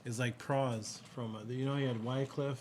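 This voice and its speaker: A mid-pitched man co-hosts a live stream and rambles through his critique, repeating phrases and filling gaps with "um." Faint background noise sits under his voice. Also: steady tone, moderate pace, darkish tone. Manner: rambling, repeats himself, many fillers. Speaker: co-host reviewing songs. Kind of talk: casual live-stream chat.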